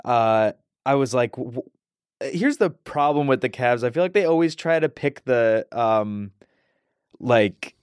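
A man's voice: mid-range voice, lively intonation, a little slow, clear, resonant tone, no room sound. A man from Ohio as a podcast guest in a studio, rambling and hesitant with many fillers. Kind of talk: casual podcast chat.

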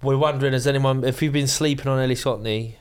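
Male podcast co-host, relaxed banter, dry jokes, a bit of swearing. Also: medium pitch, quick pace, clear, resonant tone. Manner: laid-back, dry humour, swears casually. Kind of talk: casual chat.

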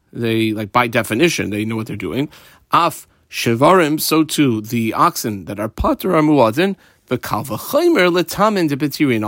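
A man leading a Talmud class reads Aramaic phrases and explains them in casual English while marking up his page. His slightly bright voice moves a lot in pitch as he teaches, and the recording is dry and close.

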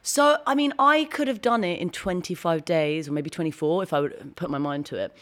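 A woman, a guest on an interview show, telling a long story quickly and with energy. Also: lowish voice. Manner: fast, animated storytelling with laughs. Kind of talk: casual interview chat.

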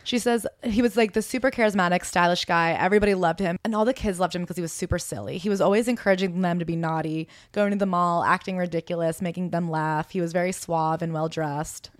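Woman podcast co-host, quick and low-pitched, dry close sound; casual book chat with read-aloud memoir passages. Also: fairly even intonation, no room sound.

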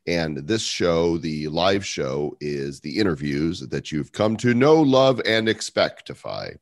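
A podcast host with a low voice speaks slowly, joking around in a relaxed way while steering the conversation. The recording is dry, with clean studio sound.

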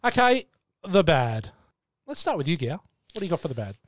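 A man leading a film podcast, lively and blunt, with jokes and swearing. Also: fairly high pitch, brisk. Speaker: podcast host leading segments. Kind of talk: casual chat.

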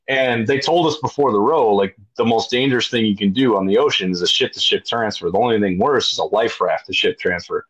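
A man, a podcast guest, telling a story with heavy swearing and loud acted-out shouts. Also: on the low side, brisk, hardly any pauses, slightly rough, dull audio. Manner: profane, emphatic, acts out his own shouts. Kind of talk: animated storytelling.

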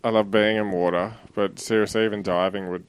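A man in casual chat, telling animated stories with laughter and the odd swear word. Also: fairly low pitch, a little fast, clear, resonant tone.

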